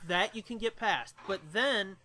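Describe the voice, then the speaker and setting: Bright-voiced, high, profane male podcaster. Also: unhurried. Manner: crude, profane, recaps plot with acted-out quotes. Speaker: podcast co-host. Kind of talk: casual movie review chat.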